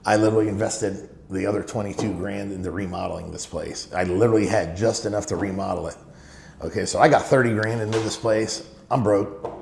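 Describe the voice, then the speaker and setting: Middle-aged man, interview guest, low gravelly voice, emphatic storytelling, echoey room, faint background noise. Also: fairly even intonation, fairly quick, darkish tone. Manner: emphatic, heavy use of "you know" fillers. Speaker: business owner guest.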